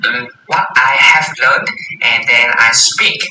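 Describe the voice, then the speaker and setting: A man talks slowly through a coding lesson, his voice bright and a little tense. He stumbles, repeats words and corrects himself as he works things out aloud. The room echoes around him, with a faint hiss underneath. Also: mid-range voice. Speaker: coding tutor. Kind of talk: casual screen-share coding walkthrough. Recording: roomy echo with faint hiss.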